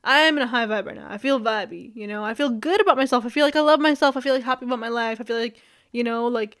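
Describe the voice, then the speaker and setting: A woman's voice: a little high, fast talker, fairly bright tone. A young woman vlogging in a loose, rambling chat, full of fillers, easy laughs and casual swearing.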